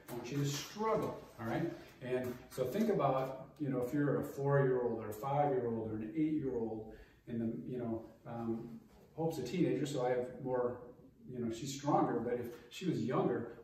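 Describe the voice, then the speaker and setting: A man's voice: mid-range voice, mellow. A middle-aged man teaching a hands-on safety class as a martial arts instructor, coaching and checking in with "okay?" as he demonstrates. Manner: coaching, repeats key steps, brief checks like 'okay?' and 'all right?'. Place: large martial arts training room. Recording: very echoey room, distant mic, faint noise.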